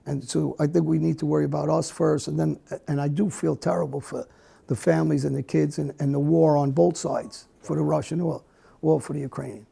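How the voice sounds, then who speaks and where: A middle-aged man, an interview guest, speaking bluntly in a halting way with many restarts. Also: fairly high pitch, steady tone, creaky, dark tone, husky. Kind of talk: candid conversational interview.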